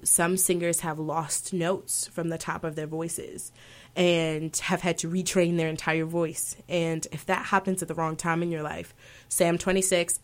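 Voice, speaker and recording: Young woman opera singer, low-pitched. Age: 20s. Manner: thoughtful, rambling with fillers and self-corrections. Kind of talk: casual interview answers.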